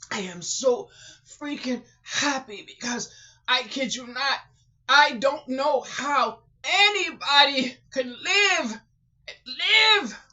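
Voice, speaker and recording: At home, a high-pitched woman who runs a small online shop cries through an emotional vlog. She repeats exclamations, swinging from sobbing outbursts to hushed murmurs, and the recording is dull and lo-fi.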